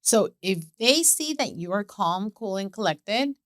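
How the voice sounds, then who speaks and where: A woman who coaches mothers, talking in a relaxed podcast chat and acting out inner voices with animation. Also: mid-range voice, measured pace, no room sound, clean studio sound. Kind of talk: casual podcast conversation.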